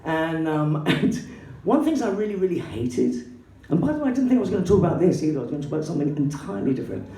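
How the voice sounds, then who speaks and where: An English woman doing stand-up comedy, an excitable, swearing storyteller who acts out the people in her story. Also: racing. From England. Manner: excitable, swearing, acting out characters in shrill put-on voices. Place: comedy club stage. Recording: roomy hall, voice from a distance, faint background noise.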